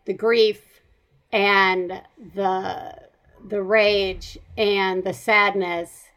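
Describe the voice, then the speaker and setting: A woman with a Southern American accent hosting a podcast, talking in a chatty, animated way with frequent laughs. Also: mid-range voice. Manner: chatty, animated, laughs often, rambling asides. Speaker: podcast host. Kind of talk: casual chat.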